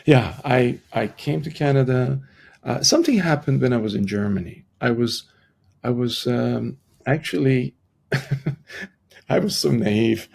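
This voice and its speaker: A middle-aged man, a podcast guest, telling a personal story in conversation. He speaks haltingly with frequent restarts and acts out the people he quotes. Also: mid-range voice, creaky, darkish tone.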